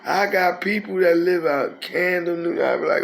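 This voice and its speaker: A man's voice: sits high, normal speed, gravelly. A man, telling a rambling, profane street story in a casual way. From North Philadelphia. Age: 50s.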